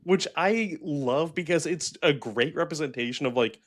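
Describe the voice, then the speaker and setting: A young man co-hosting a casual movie review chat, animated and acting out quotes from scenes. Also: on the high side, normal speed. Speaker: movie review podcast co-host.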